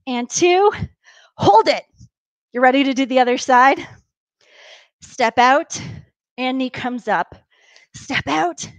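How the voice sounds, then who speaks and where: Woman, fitness instructor, high voice, dry close sound, upbeat, slightly out of breath. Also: no room sound. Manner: upbeat, encouraging, counts down reps. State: a bit out of breath while exercising. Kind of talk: live workout class instruction.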